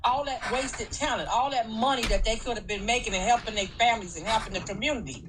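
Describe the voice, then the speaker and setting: A woman's voice: on the high side, quick pace, background noise. Woman on speakerphone, earnest. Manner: earnest, talks in long run-on stretches. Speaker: phone-in guest. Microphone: phone on speaker held to a mic.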